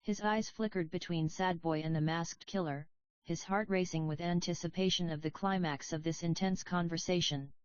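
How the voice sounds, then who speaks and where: A woman reading fan fiction aloud in steady scripted narration, on a dull, dry lo-fi recording. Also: fairly low pitch, normal speed, clear, resonant tone, no echo. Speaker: reader.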